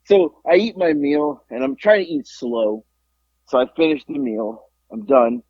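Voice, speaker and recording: A man co-hosting a podcast, telling an animated story in casual chat and acting out both sides of the conversation. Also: mid-range voice, unhurried, breathy edge, dry recording, highs cut off. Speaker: podcast co-host.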